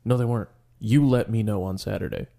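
A man's voice: fairly low pitch, fairly quick, vocal fry, mellow. A young man telling a rambling, profane story on a casual podcast as its co-host.

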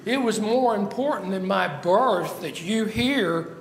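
High-voiced man preaching slowly. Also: echoey room, big-room sound, slight background noise. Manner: questioning, rhetorical, emphatic. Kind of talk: sermon.

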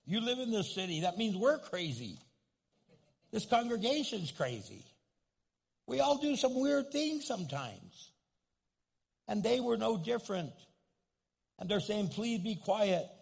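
A man's voice: high-pitched, big pitch swings, a little slow, gravelly, pauses often, breathy edge. A man preaching a sermon as pastor, telling stories with humor and building to a repeated, urgent appeal. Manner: storytelling, acts out quoted voices, joking then pleading. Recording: long hall reverb.

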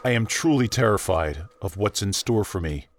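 A man reading a horror story aloud as narrator, emotive and shifting between tense and hushed tones. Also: lowish voice, expressive, moderate pace, a little hiss or hum. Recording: music bed under the voice. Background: background music.

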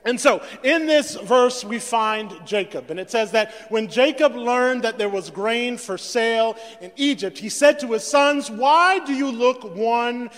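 High-voiced preacher in an echoing church. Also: male voice, animated, measured pace, hardly any pauses. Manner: preaching with many repeated words and restarts, acting out the scripture speakers. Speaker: pastor. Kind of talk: sermon. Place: church sanctuary. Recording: long reverb in a church hall.

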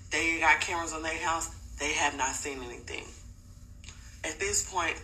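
A mother telling a personal story in a casual, animated and blunt way, swearing freely. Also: deep voice, a little hiss or hum, rough recording.

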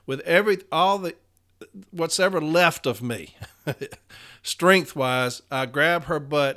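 A man from Nashville, retelling a personal story in an emotional, halting way with repeated words. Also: on the high side, fairly bright tone. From Nashville, Tennessee.

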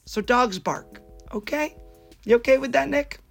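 A man's voice: very high voice, unhurried, creaky, a bit bright, faint music behind. A man co-hosting a casual podcast, ranting emphatically about his pet peeves. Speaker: podcast co-host.

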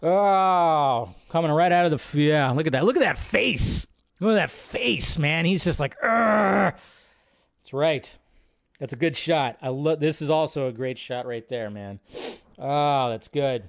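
A male host reacts aloud while he watches, excitable and loose, swearing as he goes. His voice sits a little higher than most men's. It is relaxed, casual live-stream chat. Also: unhurried. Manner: excitable, swears freely, chatty asides.

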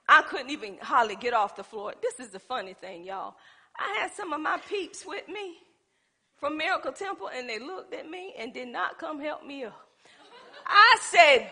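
A middle-aged woman pastor preaching a sermon. She tells stories to the congregation, moving between loud declarations and hushed asides. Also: sits high. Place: church.

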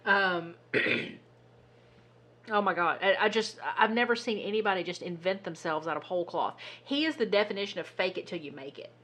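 Husky, animated woman podcast host. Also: mid-range voice, moderate pace. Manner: animated, exasperated storytelling with swearing. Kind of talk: casual chat.

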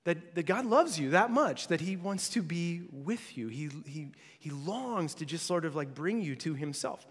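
A male pastor gives a sermon in a relaxed, chatty way, with lots of fillers and light jokes along the way. His voice sits fairly high for a man. The sound carries a long echo from a large church hall. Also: moderate pace, husky. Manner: conversational, frequent "like" fillers and restarts, playful asides. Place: church sanctuary.

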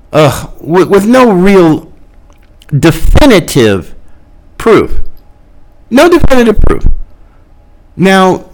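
A man delivers a heated commentary monologue as host of his own podcast. His voice sits high and swings widely in pitch as he argues, and he takes his time with each point. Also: poor audio. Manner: impassioned, argumentative, with mocking quotes.

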